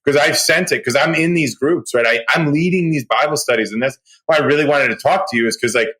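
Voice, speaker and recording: A man hosting a podcast in casual chat, excitable and loud, ranting with sudden rises in pitch when worked up. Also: fast talker, poor audio. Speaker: podcast host.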